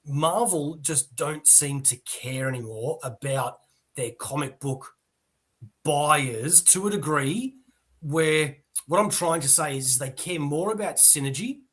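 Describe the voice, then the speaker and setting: A man's voice: a little high, animated, measured pace, fairly bright tone, slightly rough. A man, talking casually and bluntly about comics as a guest. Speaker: podcast guest. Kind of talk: casual chat.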